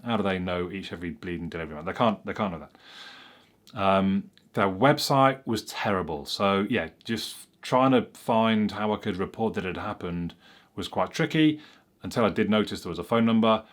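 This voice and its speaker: A man's voice: low-pitched, normal speed. A man, a tech reviewer casually telling a story to camera in a chatty, rambling way that often corrects itself.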